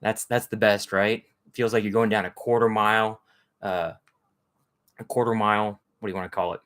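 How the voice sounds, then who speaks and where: Man with a fairly low voice, hosting a casual, rambling live chat. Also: steady tone, fairly quick, a bit bright, smooth. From Texas. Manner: rambling, chatty, greets viewers by name. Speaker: livestream host.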